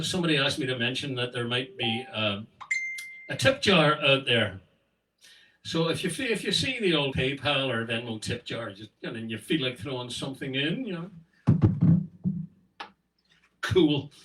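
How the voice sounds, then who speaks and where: A man, a folk singer, chatting and joking with his audience between songs in a relaxed, self-deprecating way. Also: medium pitch, distant mic, rough recording. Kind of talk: live stage patter between songs.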